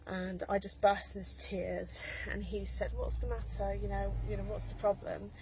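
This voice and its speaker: A woman's voice: mid-range voice, flat delivery, moderate pace, creaky, noisy background. A woman in her thirties talks into her phone from a parked car in a casual vlog, chatty and rambling with many ums and laughs. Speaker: mother vlogger.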